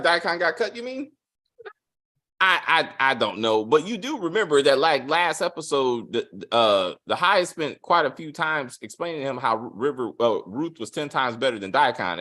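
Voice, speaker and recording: A man hosting a casual spoiler review of a TV episode, animated and profane, acting out quotes with big swings in his voice. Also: medium pitch, moderate pace. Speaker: TV review host.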